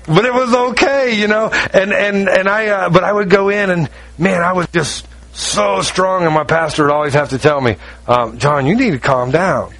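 A middle-aged man preaching a sermon, high-strung and animated, telling stories with quick asides. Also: poor audio. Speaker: pastor.

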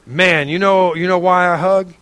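A man's voice: sits high, steady tone, normal speed, fairly bright tone, clean tone, no echo. A middle-aged man preaching a sermon, fervent and folksy, pleading with his listeners. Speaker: pastor.

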